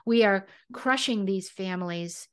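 A woman's voice: mid-range voice, measured pace, clear, resonant tone. A woman hosting an interview podcast, speaking in a casual, affirming way and often saying yes to her guest. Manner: warm affirming, frequent "yeah". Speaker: podcast host.

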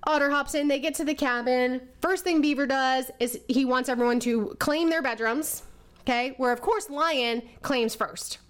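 A woman explaining personality types through a lively, animated story. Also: high-pitched, moderate pace. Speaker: presenter.

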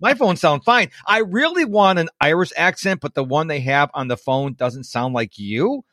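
A man in his fifties hosting a podcast interview, energetic and joking. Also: on the high side, normal speed, dry recording, studio quality. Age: 50s. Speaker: podcast host.

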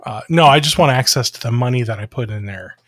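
Quick-paced and medium-pitched, a man from Ohio hosts a casual podcast chat, animated, joking and frequently laughing. The studio sound is clean, with no room sound.

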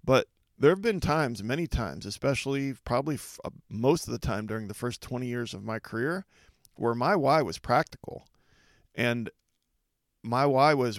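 Earnest man with a gravelly voice. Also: medium pitch, no room sound, studio quality. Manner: earnest, reflective, measured delivery with deliberate pauses. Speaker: podcast host. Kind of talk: motivational podcast monologue.

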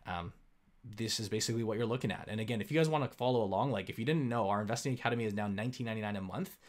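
A man's voice: on the low side, very fast. A young man from Canada hosting an investing channel, talking in a chatty, emphatic way with lots of fillers. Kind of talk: casual explainer talk.

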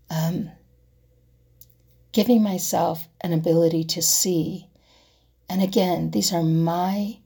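A woman vlogger with a fairly low, slightly rough voice muses on personal things to camera. She keeps questioning herself rhetorically and occasionally sinks to a hushed whisper.

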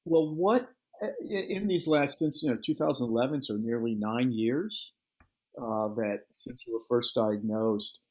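A man's voice: mid-range voice, measured pace, darkish tone, a little hiss or hum, low-quality recording. A man hosting a podcast, asking questions hesitantly while he searches for his words. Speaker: podcast host. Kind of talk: interview questions.

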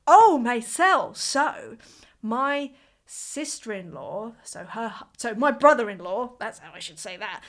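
A woman's voice: fairly high pitch, fairly bright tone. A woman, chatting casually on a live stream, reading out viewer comments and laughing often.

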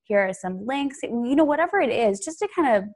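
A woman's voice: a little high, animated, a little fast, a little mellow. A woman hosting a podcast interview, speaking in an earnest, encouraging way. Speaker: podcast host. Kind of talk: casual interview talk.

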